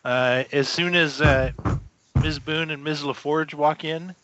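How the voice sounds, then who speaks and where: A man narrating a tabletop game as game master, describing scenes in a relaxed way with many fillers, in a slightly muffled recording. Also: a little high, slow pace, noisy background.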